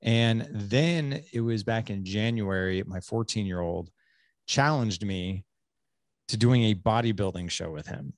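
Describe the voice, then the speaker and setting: A fairly low-pitched man in his forties hosts a podcast in easy conversational chat. He talks in lively bursts, doubling back on words and checking in with "right?" The recording is dry and close, with no room sound. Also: unhurried, no echo. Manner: animated, many restarts and "like", "right?". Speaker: podcast host.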